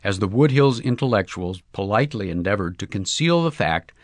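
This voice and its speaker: A man reads a comic short story aloud with a lively, storytelling lilt. His voice is low yet swings widely in pitch, and the recording is dry and close. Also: fairly quick, no echo. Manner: lively character-driven storytelling. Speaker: narrator. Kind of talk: audiobook short story reading.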